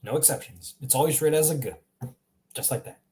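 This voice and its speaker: A man giving a casual language lesson, saying example words again and again in a relaxed way with small laughs. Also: fairly high pitch, a little fast. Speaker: language teacher.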